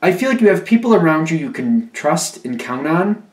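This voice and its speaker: A man's voice: on the high side, sing-song, normal speed. A young man giving a casual tarot reading, talking in a loose, repetitive, conversational way. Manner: conversational, repetitive, acts out imagined voices of the listener. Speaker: tarot reader. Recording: echoey room.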